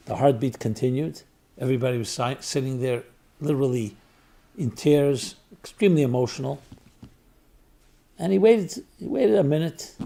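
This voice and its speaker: A man who is a rabbi, telling a story in an earnest reflective talk, repeating phrases in threes for emphasis and dropping soft on tender phrases. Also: medium pitch, gravelly. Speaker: rabbi and spiritual teacher.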